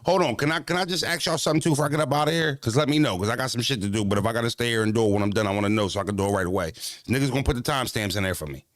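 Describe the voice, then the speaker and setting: A man's voice: medium pitch, very fast, no room sound, clean studio sound. A man hosting a livestream, telling stories in profane, slangy street talk and talking straight to his viewers. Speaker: livestream host. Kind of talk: casual livestream chat.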